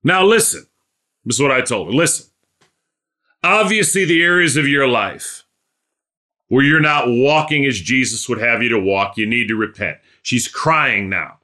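A man's voice: medium pitch, expressive, normal speed, pushed and bright. A man preaching a sermon, telling a story and building to emphatic exhortation.

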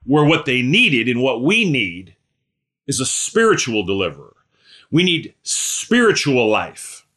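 A man preaching a sermon. His voice is bright and forceful at a middle pitch. He leans hard on key lines, then drops into hushed, mumbled asides. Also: big pitch swings, unhurried. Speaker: pastor.

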